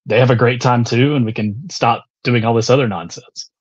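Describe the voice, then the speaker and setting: A man's voice: mid-range voice, fairly even intonation, moderate pace. A man chatting in a laid-back, meandering way on a podcast, sometimes searching for his words. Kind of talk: casual podcast chat. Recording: muffled lo-fi audio.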